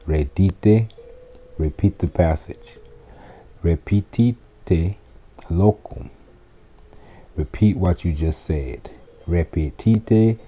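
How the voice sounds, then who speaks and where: Slow, deep-voiced man teaching phrases. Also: mellow. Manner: slow, deliberate, gives each phrase in English then Latin. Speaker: Latin teacher. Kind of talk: slow classroom phrase lesson.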